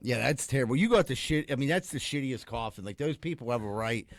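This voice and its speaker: A man co-hosting a casual podcast, joking and cursing between laughs. His voice sits at an ordinary pitch, and the sound is dry and close. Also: animated, quick pace, no room sound. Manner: joking, profane, laughs easily. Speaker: podcast co-host. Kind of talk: casual chat.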